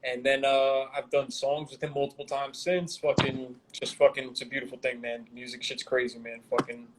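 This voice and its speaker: A man's voice: mid-range voice, level tone, moderate pace, fairly bright tone, slight background noise, poor audio. A man from Brooklyn, a guest rapper telling rambling, swear-filled stories in a casual interview. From Brooklyn, New York. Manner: rambling, heavy swearing, laid-back street slang.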